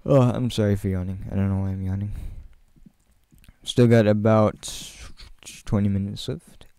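A man's voice: lowish voice, steady tone, normal speed, mellow, clear, resonant tone, no room sound. A man giving casual, chatty commentary while playing, joking and laughing often and rambling straight to his viewers. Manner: rambling, talks to viewers directly. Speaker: gaming channel host.

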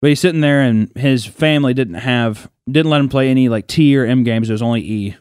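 The recording has studio quality with no room sound, carrying a young man's smooth, mid-range voice at a brisk pace. As a podcast co-host, he shares a childhood story in lively, profane chat, acting out the quoted voices of the people in it.

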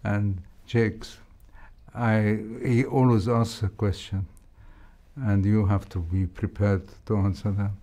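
An older man, a heart surgeon with an Egyptian accent, recalling his training in a reflective interview, speaking in a measured way with frequent hesitations. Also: on the low side, fairly even intonation, mellow. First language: Arabic.

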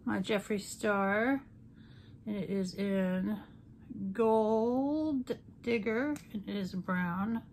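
A woman's voice: mid-range voice, fairly even intonation, takes it slowly, background noise. A woman chatting through a makeup tutorial, playful and talkative, with jokey asides. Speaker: beauty vlogger. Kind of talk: casual makeup tutorial chat.

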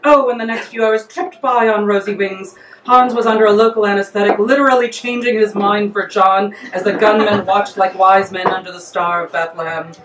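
A woman author reads her comic story aloud with lively, playful energy. Her voice sits in a middle range. It is caught from a distance in a reverberant room, as at a live reading. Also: mid-range voice, a little fast, slight background noise. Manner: lively, playful, breaks into laughter.

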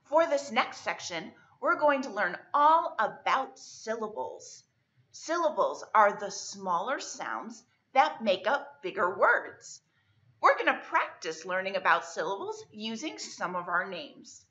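A woman librarian leading a children's storytime lesson, speaking in a cheerful sing-song teacher voice and slowly drawing out words as she claps their syllables. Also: mid-range voice, big pitch swings, sharp tone, muffled recording. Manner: slow, exaggerated clapping of syllables.

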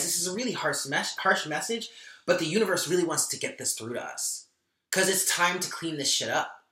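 A man talks through a tarot reading to his viewers, open and emotional, with casual swearing. His voice is bright and sharp-edged, and the room around him echoes. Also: on the high side. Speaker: tarot reader.

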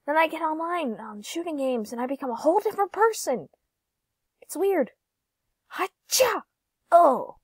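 A fairly high, husky voice with a darkish tone belongs to a young woman gaming YouTuber, recorded dry. She giggles through playful gameplay commentary, at times going sing-song or dropping to a whisper.

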